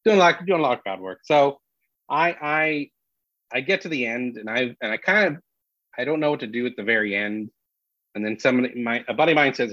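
A man, a comedian, telling a story in casual podcast chat, animated and full of restarts. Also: medium pitch, fast, dry recording. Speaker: comedian guest. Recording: dull lo-fi dry sound.

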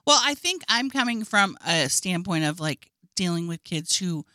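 Calm woman giving advice, bright lively voice, dry sound. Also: fairly low pitch, normal speed, dry recording. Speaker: podcast co-host. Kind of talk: casual chat.

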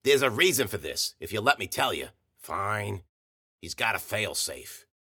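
Man reading as a gruff middle-aged boss, curt, clipped, lower than the narration. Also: sing-song, measured pace, pushed and bright, heavily acted.

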